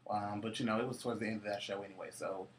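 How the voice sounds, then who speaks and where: A man's voice: lowish voice, fairly even intonation, rapid-fire, a little hiss or hum. A man co-hosting a casual chat, telling loose, profane holiday stories with frequent laughter. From Cincinnati, US. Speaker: co-host.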